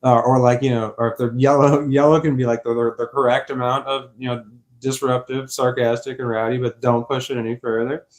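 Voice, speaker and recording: A man's voice: medium pitch, level tone, a little fast. Casting: adult man, casual vlog monologue, rambling, profane, loose and chatty. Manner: rambling, profane, laughs often. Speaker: vlogger.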